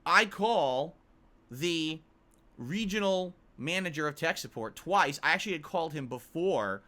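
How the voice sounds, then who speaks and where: A man's voice: a little high, animated, unhurried, bright, forceful tone. A man streaming, exasperatedly retelling a long customer service ordeal. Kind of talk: venting story on a livestream.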